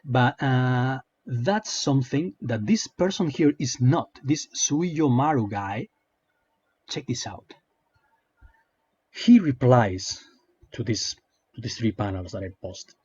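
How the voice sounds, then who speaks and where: Husky sarcastic man ranting. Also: mid-range voice, animated, slow, a little mellow, dry recording. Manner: hesitant, filler-heavy, sarcastic. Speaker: online commentator. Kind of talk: casual commentary rant. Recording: dull lo-fi sound.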